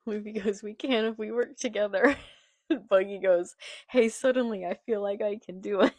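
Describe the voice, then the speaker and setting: A young woman filming in portrait on her phone reads comic dialogue out loud for a casual manga reaction video, adding her own comments between lines. Her mid-range voice is a little slow, with long pauses and no echo.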